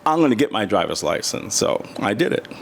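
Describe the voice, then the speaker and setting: A man's voice: on the low side, a little fast, creaky, a little hiss or hum. A middle-aged man from the United States, a guest in a casual interview, telling stories with lots of restarts and acting out the voices of the people in them. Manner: animated, acts out quoted voices, many restarts.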